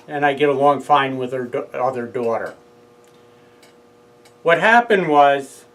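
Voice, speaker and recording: Man, slightly high voice, unhurried, rambling monologue full of asides. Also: fairly bright tone, poor audio. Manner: rambling, conversational storytelling full of asides and self-corrections. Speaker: father speaking out about his own court case. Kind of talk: casual monologue to camera.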